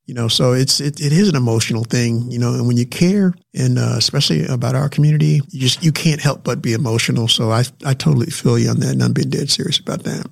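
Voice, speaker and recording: A man's voice: mid-range voice, steady tone, fast, creaky, few pauses. A man speaking earnestly in a casual local talk, emotional and often repeating his words. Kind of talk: casual chat.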